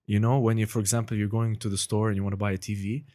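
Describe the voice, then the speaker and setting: A young man talks in a loose, rambling way, full of fillers and restarts. His voice sits on the low side for a man. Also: level tone, very fast, a little mellow. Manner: rambling, many fillers and restarts, slips into playful impressions. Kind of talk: casual chat.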